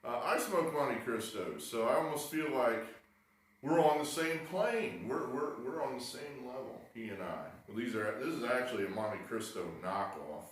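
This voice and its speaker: A man's voice: mid-range voice, animated, normal speed, a little hiss or hum. Rambling man in a very echoey room. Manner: rambling, exasperated, wry asides. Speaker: sports betting video host. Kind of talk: rambling casual monologue. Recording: very echoey room, mic far off.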